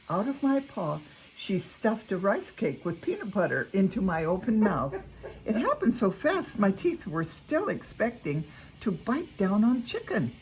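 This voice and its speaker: An older woman reading a children's story aloud, narrating in the first person with an expressive, unhurried delivery. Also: lowish voice, slight background noise, rough recording.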